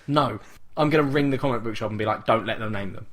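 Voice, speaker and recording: A man's voice: medium pitch, fast talker. Exasperated young man teasing. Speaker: podcast co-host. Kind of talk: casual chat.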